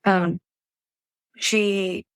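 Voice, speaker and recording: A woman, telling her birth story as a podcast guest in an animated way, acting out quotes. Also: medium pitch, drawn-out words, smooth, no room sound. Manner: animated storytelling, acts out quotes, laughs often. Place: Atlanta area.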